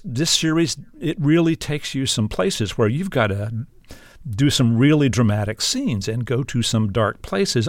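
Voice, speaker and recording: A man's voice: mid-range voice, no echo. A man hosting an interview, asking thoughtful, wordy questions. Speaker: interview host. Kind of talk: casual interview.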